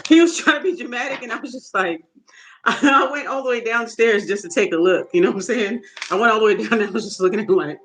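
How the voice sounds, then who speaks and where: A woman telling a casual, profane story, animated and often laughing. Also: on the high side, fast talker, low-quality recording. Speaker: tarot reader vlogger.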